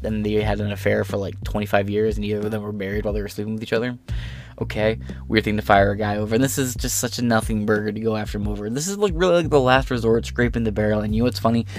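A man's voice: on the low side, level tone, fast talker, faint music behind. A man hosting an online political commentary show, reading news articles aloud and breaking off into rambling, profane, sarcastic asides.

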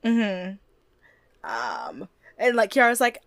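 A woman co-hosting a relaxed recap podcast. Her pitch swings freely as she chats, swears and acts out quotes. The sound is close and dry. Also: normal speed, dry recording. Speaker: podcast co-host. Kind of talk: casual recap chat.

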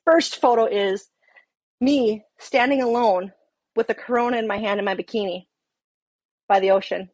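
Speaking a little high at a measured pace with long pauses, this woman police officer tells a story on a dry recording. She's an adult with an underage daughter, and her casual telling is full of swearing as she acts out both sides of conversations.

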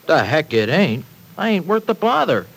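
A gruff slangy ex-con. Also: male voice, a little high, big pitch swings, moderate pace, a bit bright, heavily acted, rough recording. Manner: slangy, gruff, self-pitying talk. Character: brash young ex-con man, tough and bitter. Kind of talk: 1940s radio acting. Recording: old radio recording with faint hiss.

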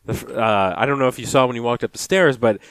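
A man co-hosting a podcast talks fast in a medium-pitched, slightly bright voice, with no echo. He chats casually and acts out phone calls as he tells a story.

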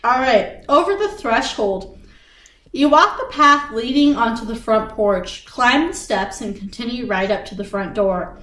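A woman with a somewhat high, bright voice reads a spooky gamebook aloud for her co-host. She reads with animation and often stops to laugh or chat. The sound is roomy and echoey, as if the mic sits a little way off. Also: expressive, unhurried. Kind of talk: casual read-aloud storytelling. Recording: roomy echo, distant from the mic.

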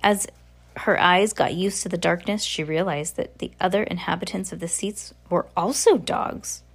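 A woman reading a novel aloud in a steady voice, now and then slipping and correcting herself. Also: on the low side, normal speed, breathy edge. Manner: steady reading with occasional slips and self-corrections. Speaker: audiobook reader.

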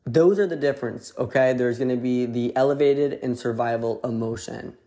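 A man's voice: mid-range voice, moderate pace, mellow. A man hosting a podcast, giving a casual motivational spiritual talk in a conversational way, repeating phrases and checking in with listeners. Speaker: podcast host.

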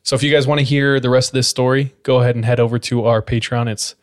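Fast and steady, a man with a mid-range voice hosts a podcast and runs through a spooky story offhandedly. His retelling is casual and crammed with the filler word "like."

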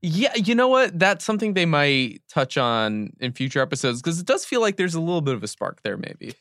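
A man's voice: a little high, very animated, brisk, fairly bright tone, no echo, studio quality. A man co-hosting a podcast, chatting casually and agreeably about a TV episode. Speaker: podcast co-host. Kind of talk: casual TV recap podcast chat.

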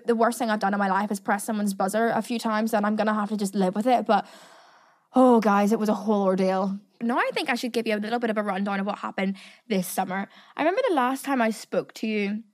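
Fast-talking woman telling a story. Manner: chatty, animated, swears often, acts out quotes in a higher voice. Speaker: podcast host. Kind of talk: casual storytelling monologue.

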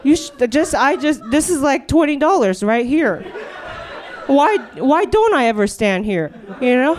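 A woman's voice: sits high, sing-song, a little slow. A young woman doing a rambling stand-up monologue on stage, then hosting a live comedy show. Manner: rambling, riffing, full of "you know". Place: stage before a live audience.

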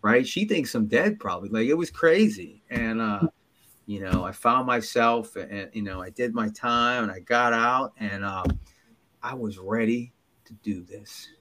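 A man telling his own recovery story as a podcast guest, earnest and halting, with many restarts and dips to near whispers. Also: lowish voice, bright, forceful tone. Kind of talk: personal storytelling in an interview.

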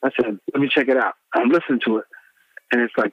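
A middle-aged man, a former radio DJ, telling animated stories in an interview and acting out the people he quotes. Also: quick pace, breathy edge, no room sound, muffled recording. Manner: acts out quoted people with big pitch swings.

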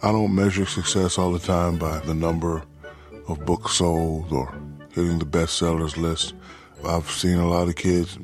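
A middle-aged man answering interview questions in a relaxed storytelling way, often saying "you know". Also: low-pitched, unhurried, soft background music. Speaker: interview guest, author.

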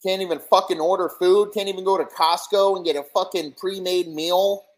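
Man doing a drunk middle-aged father, raging, foul-mouthed, pitched well above his usual voice. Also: steady tone, normal speed, lightly acted. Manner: shouting, profane ranting.

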